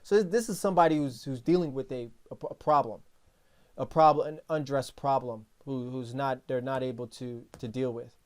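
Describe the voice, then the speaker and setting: A man hosting a podcast in casual talk, telling stories in a rambling, animated way with many restarts. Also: medium pitch, brisk. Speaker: podcast host.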